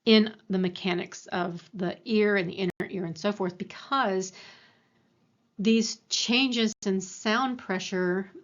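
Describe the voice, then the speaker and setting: A woman's voice: mid-range voice, fairly even intonation, takes it slowly, muffled recording. A woman giving a university lecture in an explanatory way, with many fillers and self-corrections. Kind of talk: recorded lecture.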